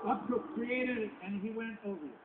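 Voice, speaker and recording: A man in his sixties telling stories as a convention panel guest, halting with many restarts. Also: high-pitched, animated. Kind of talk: anecdotal Q&A talk. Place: convention hall. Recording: tinny lo-fi convention hall recording with background noise.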